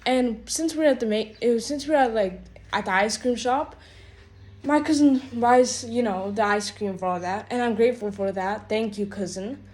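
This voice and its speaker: A woman's voice: on the high side, moderate pace, a little mellow. A woman telling a rambling, exasperated storytime rant, full of "like" and "bro" fillers. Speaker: vlogger.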